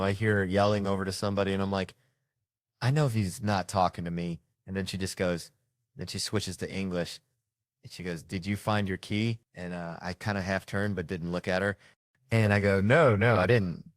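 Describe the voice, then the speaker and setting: A man with a Southern US accent telling a profane comic story, acting out the characters with sudden jumps in pitch and loudness. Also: flat delivery, brisk, no room sound, clean studio sound. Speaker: comedian storyteller. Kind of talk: casual storytelling.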